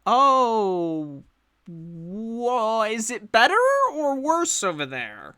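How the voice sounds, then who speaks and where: A game master voicing an excitable, foul-mouthed woman who bursts into loud, swearing exclamations. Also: mid-range voice, drawn-out words, clear, resonant tone, voice pushed up, heavily acted. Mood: startled.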